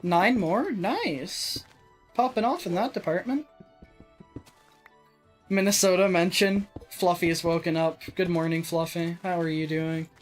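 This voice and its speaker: A woman from Texas talks her way through a building session in casual gaming commentary. Her voice sits fairly low, and she rambles and jokes at herself, with the odd swear. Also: unhurried, soft background music. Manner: rambling, self-mocking and jokey, with some swearing. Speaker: let's play host.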